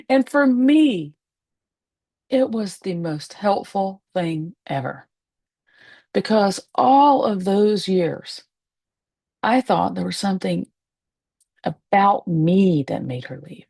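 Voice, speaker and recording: A woman, a medium and spiritualist, telling a personal story to the camera from her home, candid and emotional, pausing and laughing softly. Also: mid-range voice, lively intonation, dry recording. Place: at home, seated in a rocking chair.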